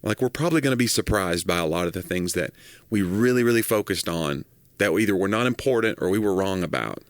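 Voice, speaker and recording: A man's voice: low-pitched, lively intonation, fast, no room sound, clean studio sound. A man in his fifties, a podcast co-host chatting casually and telling jokes with a laugh. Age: 50s. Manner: laughing storyteller who tells jokes. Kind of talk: casual chat.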